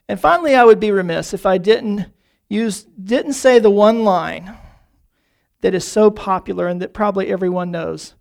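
A man preaching a sermon, often calling the congregation folks and repeating key phrases, slowing down to stress them. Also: sits high, creaky, a little mellow. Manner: slows down on key phrases for emphasis.

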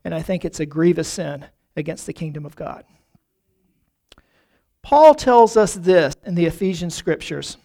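In a church, a pastor preaches with earnest feeling, frequently repeating words as he begins phrases. His medium-pitched voice is expressive and dark, a little slow, with frequent pauses.

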